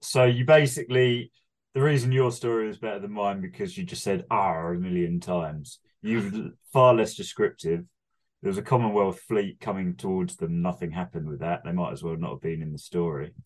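A man's voice: deep voice, moderate pace. A man co-hosting a comedy podcast, bantering dryly with plenty of swearing and laughs. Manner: dry, sweary, laughing often. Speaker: podcast co-host. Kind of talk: casual banter.

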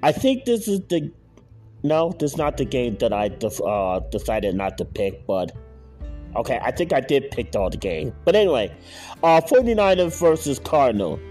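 A man's voice: mid-range voice, big pitch swings, moderate pace, a little mellow, soft background music. A man hosting his own show, reading out football scores and his picks in a frustrated, muttering way. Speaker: podcast host. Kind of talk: casual solo sports picks recap.

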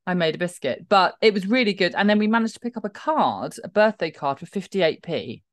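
A woman's voice: on the low side, animated, fairly quick, dry recording. A woman co-hosting a podcast, chatting casually in a wry, teasing way. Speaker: podcast co-host. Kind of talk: casual chat.

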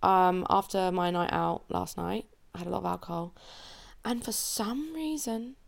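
A woman's voice: lowish voice, normal speed, vocal fry. A young woman from England hosting a solo podcast, talking openly and emotionally about her life in a chatty way, her voice cracking near tears at times. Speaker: podcast host. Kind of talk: solo confessional podcast chat. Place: at home under a blanket.

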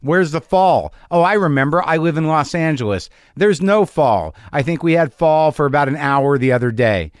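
A middle-aged man riffs in a wry, self-mocking rant, his voice sitting a touch high for a man. He talks straight into the mic in a dry garage with no echo. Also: animated, moderate pace, few pauses, clean tone. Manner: wry, self-deprecating ranting. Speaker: podcast host. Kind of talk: casual comic monologue. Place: home garage.

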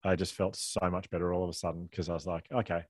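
Fast-talking deep-voiced man. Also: completely flat delivery, no echo, clean studio sound. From Australia. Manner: fast, rambling, self-interrupting with restarts. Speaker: author and guest. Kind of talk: candid conversational storytelling.

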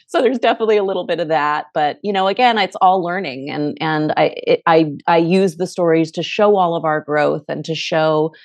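Candid, laughing woman guest, low voice. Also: brisk, hardly any pauses, no room sound. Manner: candid, laughs often, animated retellings. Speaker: author and guest. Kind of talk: casual conversational interview.

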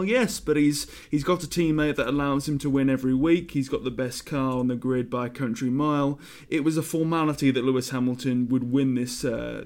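A man's voice: mid-range voice, a little mellow. A man on a podcast panel, making his case and teasing the others in a wry, casual way.

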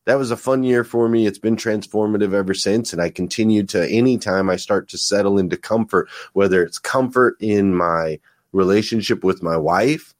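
A man's voice: fairly low pitch, normal speed, dry recording, clean studio sound. A man from the United States, a guest on a podcast, talking in an earnest, reflective way and often repeating words as he thinks. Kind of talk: casual conversation.

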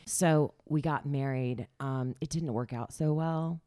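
A woman's voice: low-pitched, a little slow, mellow, dry recording, studio quality. A middle-aged woman candidly telling her life story in a casual chat, laughing often and sometimes dropping to a near whisper.

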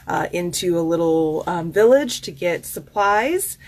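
A woman with a Southern US accent, hosting a casual self-care podcast as a coach. She talks in a chatty, expressive way with many fillers and asides. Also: lowish voice, measured pace. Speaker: host and life coach. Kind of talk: casual podcast monologue with card reading.

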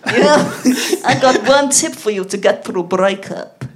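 A blunt, macho taxi driver from Spain, as a woman puts him on, talking in slow and solemn broken English. He hands out his advice as if it were plain fact, with a low, steady delivery. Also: slight background noise, close to an everyday voice. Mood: solemn, boastful.

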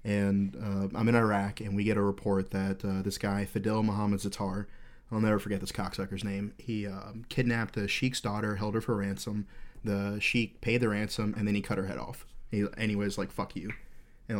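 A man's voice: fairly low pitch, little pitch movement, fairly quick. A man in his thirties hosting a podcast, telling a rambling, candid war story full of swearing. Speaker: podcast host.

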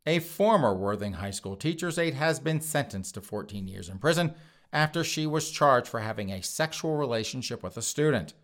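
Male podcast host, sarcastic news commentary, crude jokes, mid-pitched voice. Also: animated, moderate pace, fairly bright tone. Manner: crude, sarcastic, laughing at his own jokes.

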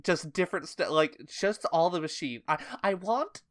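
A woman's voice: on the low side, moderate pace. A woman co-hosting a casual book podcast, swearing freely and laughing as she riffs on jokes. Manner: profane, laughing, riffing. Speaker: podcast co-host. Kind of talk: casual book-club chat.

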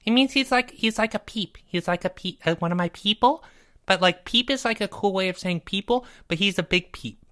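A woman's voice: medium pitch, brisk, fairly bright tone, lightly acted. A woman voicing a goofy, boastful young male podcaster who rambles and stammers and insists he never cries. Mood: silly. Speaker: podcast co-host. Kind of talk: comedic podcast banter.

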